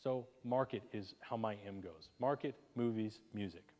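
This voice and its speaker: A man giving a lively, chatty networking talk and asking the audience questions. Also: fairly low pitch, normal speed. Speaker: networking presenter. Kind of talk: live presentation to a small audience. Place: chamber of commerce meeting room. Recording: long hall reverb.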